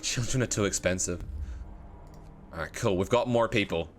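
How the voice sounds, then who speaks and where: A man's voice: on the low side, moderate pace, slight background noise. A man giving playful, joking commentary on a video game as a streamer. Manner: playful, joking, laughs often.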